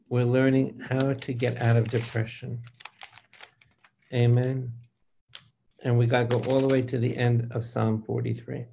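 An older man, a priest, preaching a Bible study slowly and emphatically, speaking straight to his listeners and asking them for amens. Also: mid-range voice, little pitch movement, creaky, warm tone, a little hiss or hum. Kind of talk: preaching to a live group.

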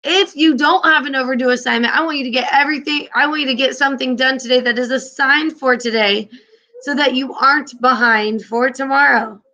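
Upbeat encouraging woman teacher, bright. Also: high voice, fairly even intonation, a little fast. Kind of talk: online class lesson.

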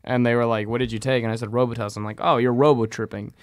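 Young dude podcast cohost, rambly storytelling, dry mic, middle pitch. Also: male voice, little pitch movement, fast talker, smooth, dry recording. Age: young adult. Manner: rambling, lots of "like" fillers, acts out quotes. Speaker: podcast co-host. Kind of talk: casual chat, storytelling.

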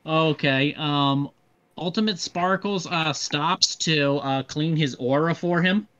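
Game master: man, slow halting narration, bright voice, dull lo-fi recording. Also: a little high. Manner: halting, with many fillers and laughs.

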